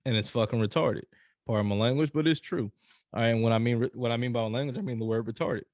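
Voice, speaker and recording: A man hosting a relaxed podcast, talking in easy slang and laughing along. His voice is of middling pitch. The sound is dry, with no room echo. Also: fast talker. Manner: laid-back, laughing, loose slang. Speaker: podcast host. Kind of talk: casual podcast chat.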